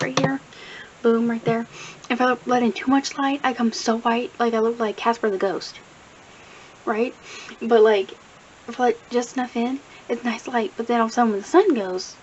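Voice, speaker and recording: A young woman rambling casually about her reading in a vlog, full of fillers, recorded on a camera mic. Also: a little high. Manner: rambling, chatty, many fillers. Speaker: book vlogger. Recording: dull lo-fi camera audio with faint hiss.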